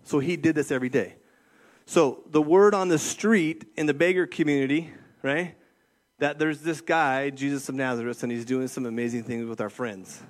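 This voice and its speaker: This youth pastor, a middle-aged man with a medium-pitched voice, preaches an informal sermon at a moderate pace. Frequent "okay?" and "right?" tags keep him connected to his listeners.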